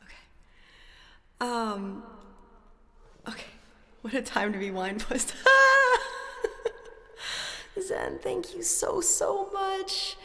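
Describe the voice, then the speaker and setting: Flustered, excitable woman music streamer. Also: on the high side, takes it slowly, vocal fry, long pauses, background noise. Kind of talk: casual live-stream chat. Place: home at night.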